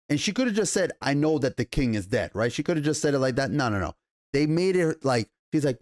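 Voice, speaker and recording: A man giving a casual, excited TV episode review, swearing often, restarting sentences and paraphrasing scenes in slangy voices. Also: medium pitch, normal speed, dry recording, clean studio sound. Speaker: TV show reviewer.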